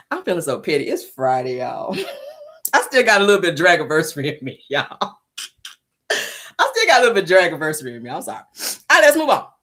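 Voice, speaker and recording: A woman's voice: on the low side, a bit bright, slightly rough. A woman hosting a celebrity gossip show from her car, talking casually, teasing and profane, laughing often.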